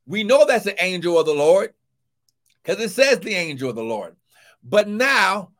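A fervent man preaching a live-streamed sermon in a high, ringing voice. He shouts out lines of scripture and calls for praise, then sinks to a low murmur between the shouts.

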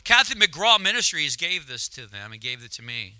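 Giving a sermon testimony as a guest preacher in a church sanctuary, a man becomes emotional and climbs toward fervent, rising exclamations. His somewhat high voice is very animated, pushed and bright, at a moderate pace with no room sound, through a handheld mic occasionally held at a distance.

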